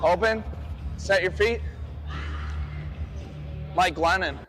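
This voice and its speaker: A man's voice: high-pitched, slow pace, a bit bright, faint music behind. A man coaching a quarterback through drills on an outdoor field, giving direct, encouraging instructions. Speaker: football coach.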